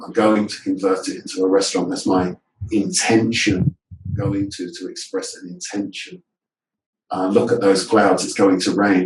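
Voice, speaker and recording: A man's voice: sits low, darkish tone, slight background noise. A male teacher trainer giving a webinar presentation on a video call. He explains points and drills words aloud, often asking rhetorical questions. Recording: echoey room audio from a distance.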